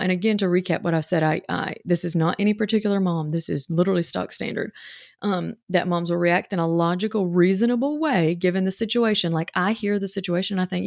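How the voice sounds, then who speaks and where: A woman speaks as a parenting coach in a casual, chatty, reassuring way, using plenty of fillers. Her mid-range voice is gravelly and a little mellow, recorded with studio quality and no room sound.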